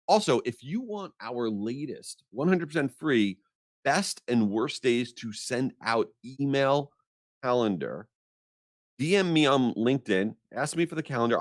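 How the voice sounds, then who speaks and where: A man hosting a podcast, telling an exasperated, animated story in a casual rant. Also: medium pitch, moderate pace, no echo, studio quality. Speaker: podcast host.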